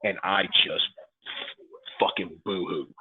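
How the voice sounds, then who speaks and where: A man's voice: low-pitched, steady tone, slow. A man, a wrestler guesting on a podcast, telling a heartfelt story in casual, rambling talk full of "like" and "man". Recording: phone-like narrow band audio.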